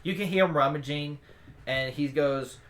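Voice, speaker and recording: A man's voice: a little high, normal speed, fairly bright tone. A man narrating as game master of a tabletop game, casual and joking.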